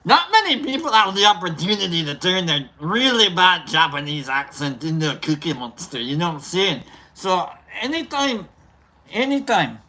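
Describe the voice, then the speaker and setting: A livestream host chatting casually and reading out viewer names, rambling and halting with many fillers and restarts. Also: medium pitch, expressive, sharp tone.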